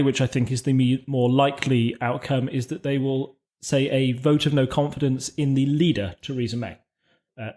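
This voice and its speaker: A man co-hosting a podcast, explaining political events in a measured, conversational way with frequent restarts. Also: mid-range voice, darkish tone. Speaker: podcast co-host. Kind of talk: casual political discussion.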